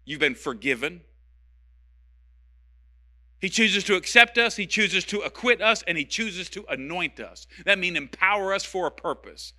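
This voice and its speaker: A man's voice: high voice, expressive, normal speed, bright, forceful tone. A male pastor preaching a sermon with passion and emphasis, repeating key phrases to drive them home.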